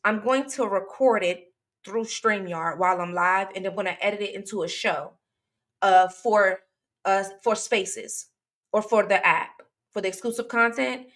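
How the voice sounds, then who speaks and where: A woman's voice: mid-range voice, a little slow, fairly bright tone. Chatty woman livestream host, AAVE. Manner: chatty, reads comments aloud, frequent fillers and restarts. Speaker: true crime livestream host. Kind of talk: casual livestream chat with viewers.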